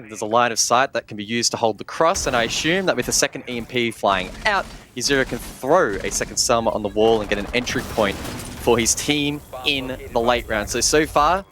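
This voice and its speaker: A man's voice: medium pitch, fairly bright tone, a little hiss or hum. A man giving analytical colour commentary on an esports match. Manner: analytical, then incredulous. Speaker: esports caster.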